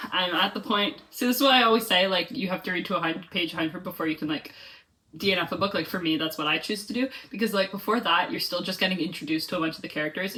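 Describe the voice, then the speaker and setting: Young woman vlogger, lowish voice, loose chatty rambling, mic set back a little. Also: sharp tone. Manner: chatty, rambling, many "like" fillers. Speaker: book vlogger. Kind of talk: casual reading vlog chat. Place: home, reading in bed or on couch. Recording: voice a bit far from the mic.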